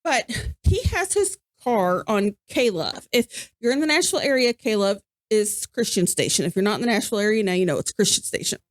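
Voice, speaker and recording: A woman, co-hosting a podcast and telling a story in casual chat, animated and acting out what people said. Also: mid-range voice, moderate pace, no room sound, studio quality. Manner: animated, acts out quoted voices. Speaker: podcast co-host.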